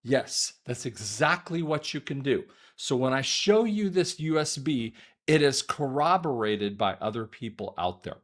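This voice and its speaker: A man in the middle pitch range talks straight to his audience in a loose, rambling monologue. He doubles up words, breaks off sentences and restarts them. Every so often he stops to clear his throat. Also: lively intonation, moderate pace. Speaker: audiologist and online commentator. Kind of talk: casual monologue commentary.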